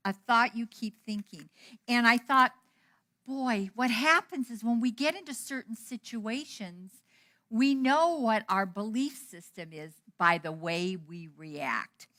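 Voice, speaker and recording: Middle-aged woman preacher, fairly high and bright, lively storyteller who acts out dialogue. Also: slow pace. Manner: animated, acts out quoted dialogue. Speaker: minister. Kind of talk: storytelling sermon. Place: church hall.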